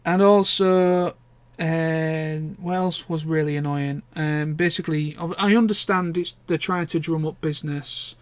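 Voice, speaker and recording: A man's voice: fairly high pitch, steady tone, moderate pace, smooth, dry recording. A young man, chatting casually and candidly in a rambling vlog catch-up, with the odd swear word. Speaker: vlogger. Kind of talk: casual chat.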